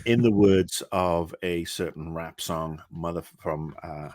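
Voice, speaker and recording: A British man in his fifties co-hosting a podcast, chatting casually with blunt, profane, animated ranting. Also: deep voice, slow. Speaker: podcast co-host. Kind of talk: casual chat.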